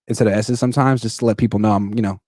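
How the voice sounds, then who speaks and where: A man's voice: fairly low pitch, steady tone, racing, warm tone, dry recording, clean studio sound. Blunt, wry man from California. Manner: blunt, wry, emphatic opinions. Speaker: sports podcast co-host. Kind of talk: casual sports talk livestream.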